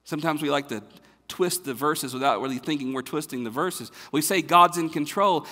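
A man preaching a sermon as pastor, stressing and repeating phrases with big swings between loud and soft. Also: fairly high pitch, brisk, in a large hall. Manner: emphatic, repeats phrases with sharp swings in loudness.

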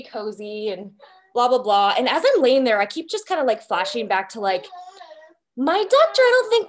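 Candid woman with a fairly high voice. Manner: candid and lively, acting out her own past thoughts. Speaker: podcast guest. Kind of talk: personal storytelling.

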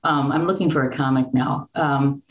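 A woman's voice: a bass voice, moderate pace. A woman author talking about her cartoon book in an interview, telling stories and acting out quotes, often restarting her sentences. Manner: animated storyteller who acts out quotes, with many restarts. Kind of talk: interview conversation. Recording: dull lo-fi sound with roomy echo.

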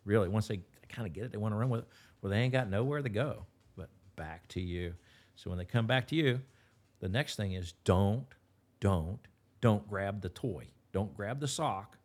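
In a relaxed interview, a dog trainer from West Virginia rambles in folksy fashion with lots of restarts and an Appalachian accent. He speaks at normal speed in a lowish, darkish voice.

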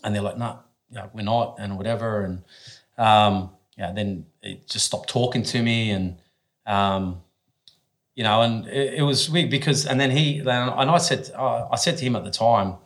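This Australian podcast guest, a former professional athlete in his forties, has a lower voice and a moderate pace. He spins stories in a blunt, casual way, swearing without pause and frequently stopping to start sentences over.

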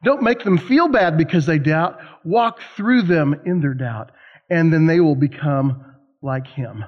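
A man preaching a sermon to college students, telling stories in an animated, emphatic way with conversational asides. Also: on the high side, unhurried. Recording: slightly dull lo-fi sound.

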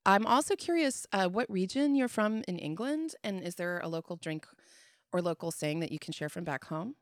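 Lower-voiced woman podcast host. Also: normal speed, dry recording, clean studio sound. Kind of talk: interview questions.

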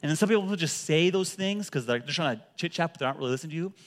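A man preaching a sermon to a church congregation as pastor, energetic and humorous, often repeating words and calling for responses. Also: a little high, rapid-fire.

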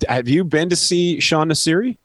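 A man's voice: on the high side, fairly quick, fairly bright tone, dry recording. A man in a casual interview, telling stories in a joking, self-deprecating way. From Canada. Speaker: band vocalist, guest.

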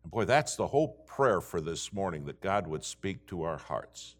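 Middle-aged male pastor, low voice, animated folksy sermon delivery. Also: moderate pace, few pauses. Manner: folksy, animated storytelling preacher.

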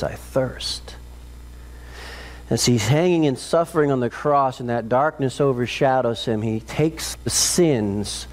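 Impassioned male preacher, dramatic swings. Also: a little mellow. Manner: dramatic, rising to intense high peaks then dropping low and slow. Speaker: pastor. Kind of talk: sermon.

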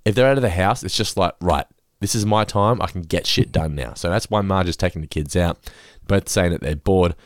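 A man's voice: low-pitched, brisk, few pauses, no room sound, clean studio sound. A man, co-hosting a podcast in laid-back, sweary chat with frequent laughs. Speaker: podcast co-host.

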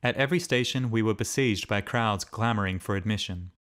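A man narrating a diary as an audiobook in a steady, measured reading. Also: lowish voice, clear, resonant tone.

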